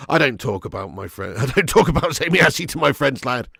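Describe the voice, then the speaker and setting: A young man hosting a live football watch-along, chatting and thanking viewers by name, with sudden bursts of excitement when chances come. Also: mid-range voice, moderate pace, creaky, slightly rough, no echo, studio quality.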